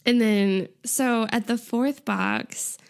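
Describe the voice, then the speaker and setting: Full of laughter and repeated "like"s, a young woman recaps an episode in animated fashion as co-host of a casual podcast. Her voice is on the high side with a clean tone, and her delivery is slow.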